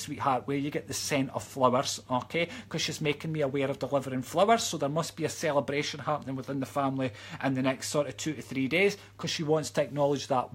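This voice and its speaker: A man's voice: medium pitch, breathy edge. A Scottish man working as a psychic medium, giving chatty live-stream readings from home and calling viewers sweetheart.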